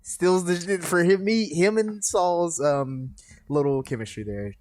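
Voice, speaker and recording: A man's voice: sits high, measured pace, a little mellow. A man co-hosting a casual podcast chat, laughing often between his remarks. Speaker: podcast co-host.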